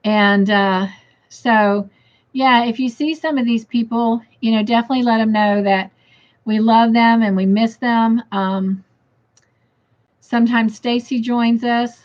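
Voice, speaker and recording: A woman's voice: fairly high pitch, fairly even intonation, a little slow. A woman hosting a casual livestream, chatting and reading viewer comments aloud while in pain and tired. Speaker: crochet livestream host. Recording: dull lo-fi stream audio.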